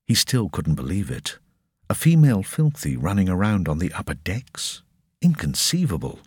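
A man narrating an audiobook with expressive, scripted storytelling. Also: sits low, husky, no echo, clean studio sound.

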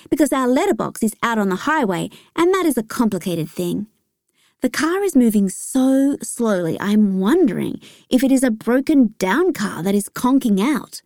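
A woman's voice: mid-range voice, darkish tone, no echo, clean studio sound. A woman reading a children's audiobook aloud, telling the story expressively as a first-person child narrator. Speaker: audiobook reader.

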